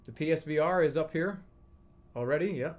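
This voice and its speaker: A man's voice: fairly high pitch, brisk. Man musing aloud on a live stream. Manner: musing aloud, drifting volume, brief laughs. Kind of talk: casual live-stream chat.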